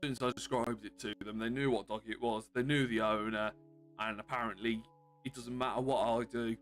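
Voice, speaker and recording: A man streaming games, chatting casually and more quietly than usual because of bruised ribs, chuckling often. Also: medium pitch, moderate pace, soft background music. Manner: subdued, calmer than usual, with frequent chuckles. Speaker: game streamer. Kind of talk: casual live-stream chat.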